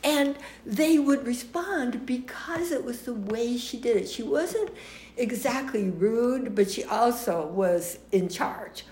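An older woman with an American accent, telling lively stories in a casual interview and laughing often. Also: fairly high pitch, slow, reverberant. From United States.

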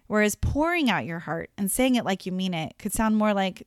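A young woman telling a Bible story to children, friendly and animated, with chatty asides. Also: mid-range voice, brisk, hardly any pauses, smooth, no echo, clean studio sound. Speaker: children's Bible lesson teacher. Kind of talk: Bible story lesson for kids.

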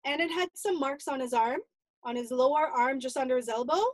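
A middle-aged grandmother giving an earnest, animated personal account in an interview. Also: high voice, a little fast, no room sound.

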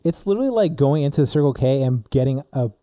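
Young dude rambling through a story on a podcast, says like a lot, super dark mellow voice. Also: male voice, mid-range voice, fast talker, dry recording, studio quality. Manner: rambling, animated storyteller with many "like"s. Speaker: podcast co-host. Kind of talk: casual storytelling chat.

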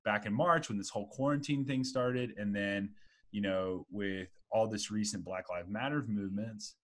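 A man's voice: lowish voice, normal speed. A man in his twenties hosting a casual podcast chat, rambling with lots of "like" and "you know". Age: 20s.

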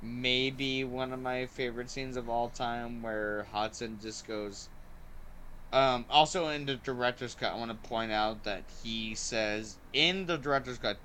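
Bright-voiced man rambling excitedly. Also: medium pitch, slow, a little hiss or hum. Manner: excited and rambling, heavy use of "like" and "um". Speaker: podcast host. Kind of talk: casual movie review chat.

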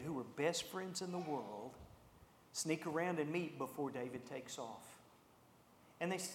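Male preacher, a bit high-voiced, lively storyteller, big roomy hall sound. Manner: animated, acts out the characters' lines. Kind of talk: storytelling sermon. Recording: echoey hall with long reverb.

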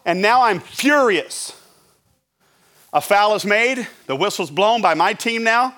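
Animated pastor man telling a story. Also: sits high, takes it slowly. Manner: animated, acts out his own yelling at a referee. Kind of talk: sermon storytelling.

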